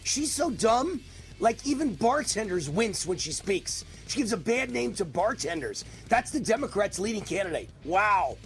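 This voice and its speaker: His voice sits high and moves at normal speed with few pauses, over a little hiss or hum. He's a sixty-something host of a live political stream, faintly New York in accent, rambling and animated with plenty of mockery.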